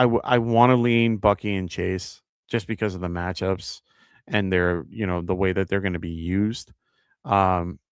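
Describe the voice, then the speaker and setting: Low and fry-tinged yet clear and resonant, the voice belongs to a man with a New York accent running a live fantasy football show. His casual stream advice comes out as loose thinking aloud, packed with fillers and self-corrections, captured at studio quality with no echo.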